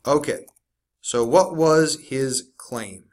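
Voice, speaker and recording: A man teaching science, walking through a worksheet step by step and slowing down to stress key words. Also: medium pitch, a little mellow. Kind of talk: recorded classroom lesson walkthrough.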